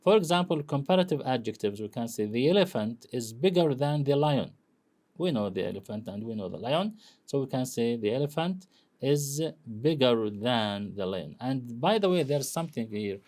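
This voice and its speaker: Halting lecturer, mellow. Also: male voice, medium pitch, expressive. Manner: halting, full of fillers and self-corrections. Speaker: university English lecturer. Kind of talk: recorded lecture on grammar.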